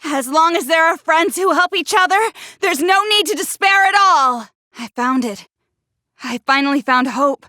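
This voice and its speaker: A woman voicing a prickly, sharp-tongued teenage girl in a video game, who stutters when flustered. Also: sits high, normal speed, no room sound, studio quality. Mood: resolute. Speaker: game character.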